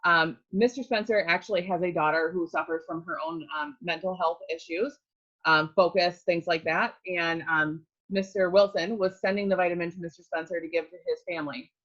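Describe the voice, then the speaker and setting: An earnest woman with a lowish voice tells her own story in a heartfelt way and often stops to search for words. The recording sounds slightly muffled and lo-fi. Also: fairly quick, fairly bright tone. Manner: earnest, with frequent um fillers. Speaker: network marketing distributor. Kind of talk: personal testimonial.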